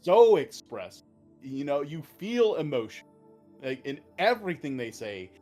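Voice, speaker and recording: A man's voice: fairly high pitch, very animated, unhurried, dark tone, soft background music. A man co-hosting a let's play, chatting casually and hesitantly, often searching for words. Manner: hesitant, lots of fillers and restarts. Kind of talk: casual chat over gameplay.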